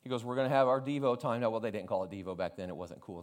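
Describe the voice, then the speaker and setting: A man's voice: lowish voice, rapid-fire. Man preaching a storytelling sermon. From South Florida. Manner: storytelling with humor, animated quoting of family. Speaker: pastor.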